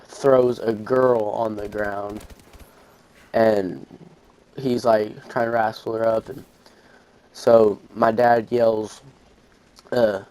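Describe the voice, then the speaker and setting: This Arkansas gaming channel host is a young man whose voice sits on the low side with a darkish tone. Over gameplay he rambles through a long, casual story full of fillers and restarts, captured on a rough recording.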